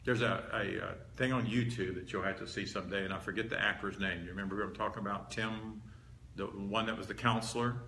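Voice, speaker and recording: Speaking quickly in a lowish, steady voice that is pushed and bright, a man gives a teaching sermon before a live audience in a meeting hall. His style is conversational and emphatic, returning again and again to key words. Hall echo and a faint hiss color the recording.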